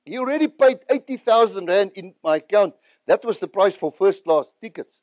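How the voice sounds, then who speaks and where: High-voiced South African man telling his testimony. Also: lively intonation, normal speed, darkish tone, dry recording. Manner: earnest, emotional storytelling. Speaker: evangelist. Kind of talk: personal testimony.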